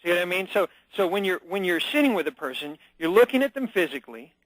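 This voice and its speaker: A man's voice: sits high, sing-song, fast talker, fairly bright tone, no echo, poor audio. A man as a radio show guest, talking with energy and emphasis, acting out short scenes as he explains. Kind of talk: phone-in radio interview.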